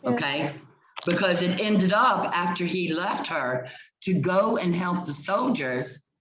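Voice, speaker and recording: A teacher lectures at an unhurried, measured pace, reading textbook definitions aloud and pausing often to check in with the class. The voice sits at a middling pitch. It rings in a roomy classroom. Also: a bit bright. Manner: checks in with students with frequent "okay".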